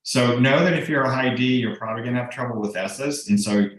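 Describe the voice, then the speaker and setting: A middle-aged real estate broker and coach runs a casual team training over a video call, explaining things with frequent ums and restarts. His medium-pitched voice is fairly bright and a little fast, and the room is very echoey.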